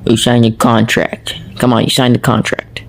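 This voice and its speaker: A man's voice: mid-range voice, monotone, moderate pace, gravelly, a little hiss or hum. A man filming his cat in a playful home video, coaxing and teasing it.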